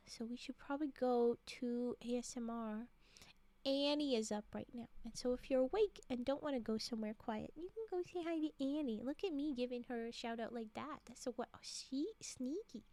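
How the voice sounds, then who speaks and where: A high-voiced woman talks loosely and softly with her stream viewers, full of fillers and quick laughs. The sound is close and dry. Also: no echo. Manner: chatty and rambling, with frequent laughs and filler words; soft-spoken, drifting into quiet murmurs. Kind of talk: casual chat with stream viewers.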